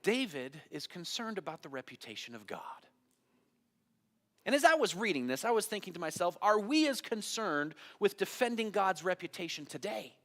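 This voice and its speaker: A man's voice: high-pitched, big pitch swings, moderate pace, a bit bright. A man preaching a sermon as pastor, telling a Bible story dramatically and putting questions to the congregation. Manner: dramatic storytelling, acting out biblical voices, asking the congregation questions. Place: church sanctuary. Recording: long hall reverb of a church.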